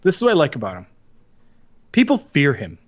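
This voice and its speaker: A man chatting on a podcast in a fairly high voice and swearing freely. He keeps slipping into quick impressions of film characters and sometimes yelps loudly. His delivery is loose and animated. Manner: animated, acts out movie lines with sudden yelps. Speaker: podcast co-host. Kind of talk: casual chat.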